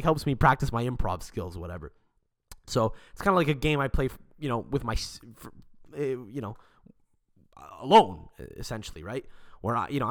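A man, hosting a podcast and telling a rambling, profane story in casual chat. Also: medium pitch. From Montreal, Canada. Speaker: podcast host.

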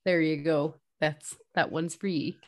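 A woman's voice: low voice, fairly even intonation, measured pace. A young woman, co-hosting a casual podcast, blunt and jokey with crude asides. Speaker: podcast co-host. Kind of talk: casual chat.

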